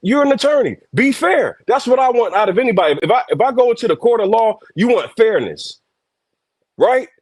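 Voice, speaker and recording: A man's voice: extremely high pitch, animated, brisk, husky, no room sound, clean studio sound. An angry man arguing over a video call as a guest on a live stream, confrontational and profane. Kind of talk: heated argument.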